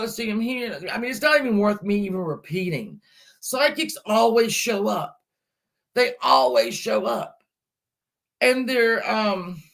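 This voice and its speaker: A woman's voice: mid-range voice, fairly bright tone. A woman hosting a true-crime livestream, retelling a case in a chatty way and breaking off to greet people in the chat. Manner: chatty, talks back to chat comments mid-story. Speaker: livestream host. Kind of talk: casual true-crime storytelling to a live chat.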